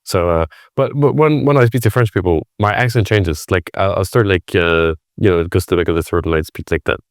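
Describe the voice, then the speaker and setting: A Scottish man talking as a podcast guest in a casual conversation, telling stories in a lively way with many restarts. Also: sits low, a little fast, no room sound, clean studio sound. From Scotland. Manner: animated storytelling with many restarts.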